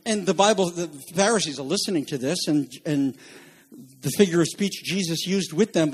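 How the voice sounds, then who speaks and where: A man preaching an expository sermon as pastor, stammering and restarting at times and climbing to emphatic shouts. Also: a little high, breathy edge. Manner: rises to emphatic shouting, then drops back to teaching; frequent restarts and filler stammers.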